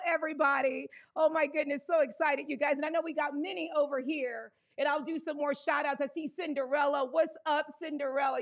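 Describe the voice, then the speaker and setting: Woman live-streaming shout-outs, high voice, gravelly fry, exuberant, whooping and shouting greetings. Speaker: livestream host.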